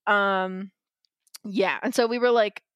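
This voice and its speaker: A woman's voice: medium pitch, steady tone, slow pace, fairly bright tone, clear, resonant tone, no room sound, clean studio sound. A young woman, a podcast guest, telling her story candidly in a wry, chatty way full of likes and ums. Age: young adult.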